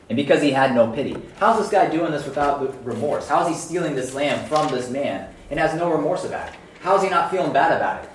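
A man preaching a casual sermon to a small group, conversational and animated, often checking in with his listeners. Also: mid-range voice, slight background noise. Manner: conversational, animated, frequent "right?" and "guys". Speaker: youth preacher. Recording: echoey room, mic at a distance.

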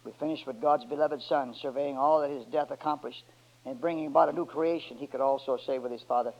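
A man preaching a sermon, moving from quiet low passages to loud, drawn-out, shouted climaxes with emphatic words that call for a response. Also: steady tone. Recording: dull lo-fi church recording.

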